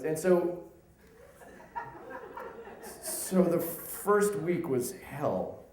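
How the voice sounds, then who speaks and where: A man in his thirties telling a comic work story live on stage, animated, acting out the people in it. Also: fairly high pitch, drawn-out words, roomy sound, rough recording. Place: stage in a venue.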